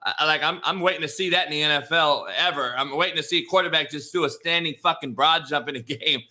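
A man's voice: on the high side, quick pace, bright, forceful tone. A man hosting a casual sports talk show, laid-back, swearing freely and restarting his sentences. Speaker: podcast host.

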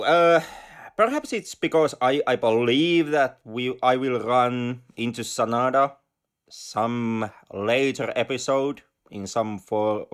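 A man's voice: medium pitch, fairly bright tone. A man co-hosting a film podcast, talking casually with hesitant restarts. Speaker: podcast co-host.

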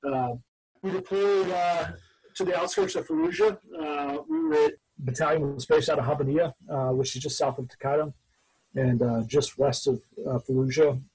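A male former Marine officer, interviewed on his service. He rambles with frequent "uh" restarts. His voice is strongly raspy and picked up from a distance. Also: fairly high pitch, normal speed, a little mellow. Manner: rambling, hesitant, with many "uh" restarts. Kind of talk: interview storytelling.

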